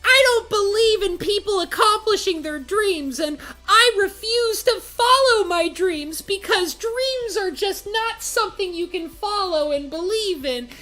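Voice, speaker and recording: Brief: woman mimicking a gloomy anime kid, very high, whining, close to tears. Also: expressive, a little slow, few pauses, sharp tone, heavily acted, rough recording. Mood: whiny. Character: whiny gloomy child anime character.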